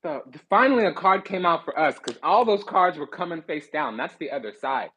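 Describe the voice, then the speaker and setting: A man giving a sassy, animated tarot reading, blunt and swearing freely. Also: fairly high pitch, brisk, breathy edge, rough recording. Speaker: spiritual card reader.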